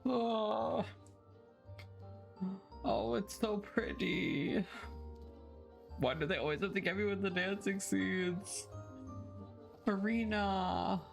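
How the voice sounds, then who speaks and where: A reaction video creator talking slowly and emotionally about a game cutscene. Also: mid-range voice, creaky, soft background music. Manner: slow, emotional, given to exclamations.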